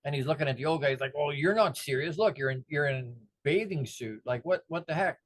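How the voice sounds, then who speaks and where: A man's voice: a little high, fairly quick, no room sound. A middle-aged man giving a motivational talk, telling stories and acting out the voices of the people in them. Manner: animated, acts out the voices of people in his stories. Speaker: motivational speaker.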